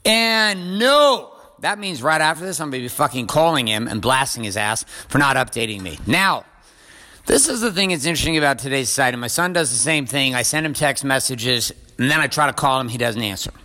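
A man's voice: medium pitch, animated, fast talker, bright, forceful tone. A middle-aged man hosting a motivational show, ranting bluntly and profanely with lots of driving repetition. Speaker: podcast host and coach. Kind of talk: intense motivational rant.

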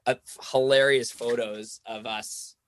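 A man with a mid-range voice tells a rambling story in a casual chat, speaking unhurriedly in a steady tone. He says "like" constantly and acts out the voices he quotes.

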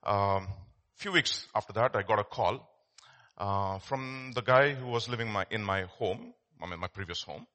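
A man's voice: fairly low pitch, moderate pace, bright, forceful tone. A man preaching a sermon as pastor, telling stories in a conversational way with many fillers and restarts.

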